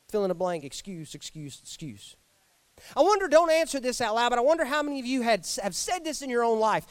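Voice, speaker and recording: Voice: mid-range voice, a little fast, no room sound. A preacher delivering an emphatic Sunday sermon in church and acting out the lines they quote. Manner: animated, emphatic, acts out quotes. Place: church sanctuary.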